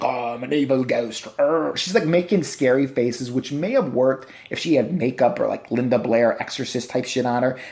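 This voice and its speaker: A man's voice: medium pitch, warm tone. Sarcastic, profane male movie reviewer. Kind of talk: casual ranting movie review. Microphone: handheld camera.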